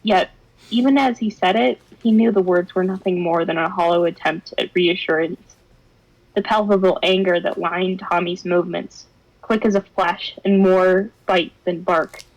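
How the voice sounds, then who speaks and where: Brief: young woman, mid-pitched voice, theatrical fan-fiction reading peppered with giggles and asides. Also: muffled recording. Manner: dramatic reading that breaks into giggles and wry comments. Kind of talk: expressive narration with laughing asides.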